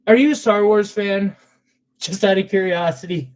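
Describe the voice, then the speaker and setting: A man's voice: high-pitched, moderate pace. A man selling gemstones on a live stream, chatting in a casual, sentimental way with loose fillers. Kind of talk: casual live sales chat.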